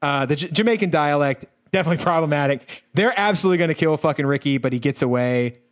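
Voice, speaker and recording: Talking fast in a high-ish voice, a male podcast co-host recaps a movie in a loose, profane, rambling way, with plenty of fillers and restarts.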